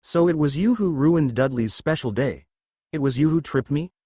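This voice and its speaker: A man's voice: moderate pace, dark tone, husky, no echo, clean studio sound. A man voicing a prim, cold middle-aged aunt in a storybook reading, with a scolding manner. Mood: accusing. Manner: scolding, shrill.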